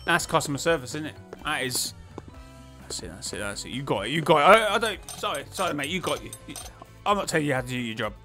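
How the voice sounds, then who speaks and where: A man giving casual, excitable commentary while he plays a management game, talking to himself and laughing often. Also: on the high side, fast talker, faint music behind. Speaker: gaming YouTuber.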